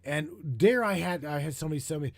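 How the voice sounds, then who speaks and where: Hoarse guy ranting on his show, swears a lot, kinda high voice. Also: expressive, fast talker, dry recording. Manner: heated, profane, repeats himself. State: getting hoarse. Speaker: broadcast host. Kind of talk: rambling conspiracy talk show.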